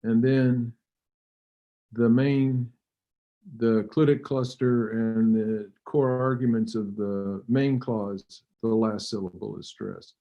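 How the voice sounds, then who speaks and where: A man giving an academic lecture, measured and halting, with fillers and occasional throat clearing. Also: medium pitch, steady tone. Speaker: linguistics lecturer. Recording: dull lo-fi recording.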